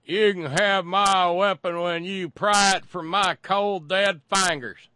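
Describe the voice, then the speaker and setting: A man mimicking a loud, defiant gun-rights diehard, shouting each word out slowly. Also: sits high, fairly even intonation, clear, resonant tone, dry recording, clean studio sound, voice pushed up, full character voice. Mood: defiant bellow.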